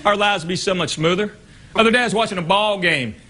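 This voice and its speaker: Stand-up comic, male, slightly high voice, storyteller with quick character bits, live echoey club. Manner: storytelling with quick dialogue impressions. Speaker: stand-up comedian. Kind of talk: stand-up comedy set. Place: comedy club stage with laughing audience. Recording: echoey club with loud crowd noise.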